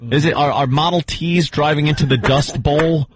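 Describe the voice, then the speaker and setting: A man's voice: steady tone, normal speed, noisy background. A man co-hosting a radio show, trading sarcastic banter and mocking clips. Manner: sarcastic, mimics voices with a high falsetto.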